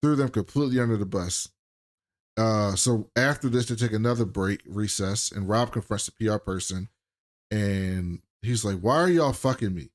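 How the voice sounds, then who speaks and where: A man's voice: fairly low pitch, fairly even intonation, normal speed. A man co-hosting a podcast, casually retelling a TV episode in loose, profane chat. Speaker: podcast co-host.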